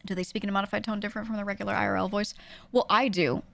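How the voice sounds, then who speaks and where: Chatty woman streamer with a gravelly edge. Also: medium pitch. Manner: quick, chatty talker; relaxed and conversational, lightly projected for the mic. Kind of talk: casual chat answering a livestream chat.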